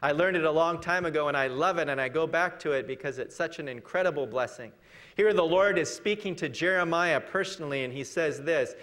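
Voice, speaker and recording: A man preaching a sermon in an earnest, conversational way, asking rhetorical questions and slowing down to read scripture. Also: fairly high pitch, animated, fairly bright tone. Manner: slows for scripture readings.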